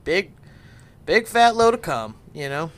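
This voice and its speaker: A man's voice: fairly high pitch, very animated, unhurried. A man co-hosting a podcast, making crude jokes in casual chat. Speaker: podcast co-host.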